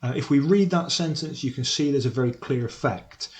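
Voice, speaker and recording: Male literature teacher, mid-pitched, hesitant, analytical lesson delivery. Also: brisk, few pauses. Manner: explanatory, frequent ums and uhs, self-correcting. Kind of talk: recorded lesson on poetry analysis.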